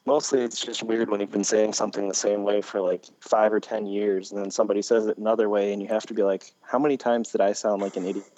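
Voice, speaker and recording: A man's voice: on the low side, flat delivery, quick pace, hardly any pauses, mellow, dry recording, rough recording. A man co-hosting a casual podcast, rambling and self-deprecating, with many fillers. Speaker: podcast co-host. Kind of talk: casual chat.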